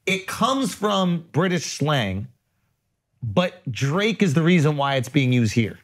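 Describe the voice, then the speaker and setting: A New York man riffing on a comedy podcast, loud and excitable and quick to laugh. His voice sits high and a little husky. The pitch swings widely as he talks. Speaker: podcast co-host. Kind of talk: casual comedy podcast banter.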